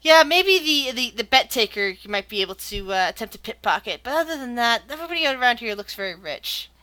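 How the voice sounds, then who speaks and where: A woman leads a tabletop game with a bright, forceful voice a touch above average pitch, heard close and dry. She narrates the action with energy and stumbles over her words as she restarts her sentences. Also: very animated, a little fast, no echo. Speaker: game master.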